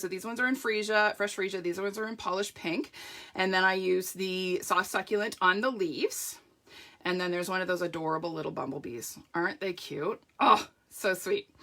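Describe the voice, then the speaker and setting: Bright, gushing woman demonstrating crafts. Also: mid-range voice. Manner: gushing, chatty, greets viewers by name. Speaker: paper-craft demonstrator hosting a live launch party. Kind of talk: casual live demo chat.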